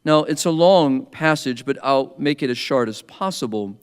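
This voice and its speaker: A man giving an earnest, measured sermon, slowing down for emphasis. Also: mid-range voice, expressive, clean tone, long reverb tail. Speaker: preacher.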